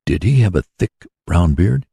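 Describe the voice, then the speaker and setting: A man voicing an eager young male inventor in a storybook reading, brisk in manner. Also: low-pitched, very animated, gravelly, mellow, husky, no room sound, clean studio sound, full character voice.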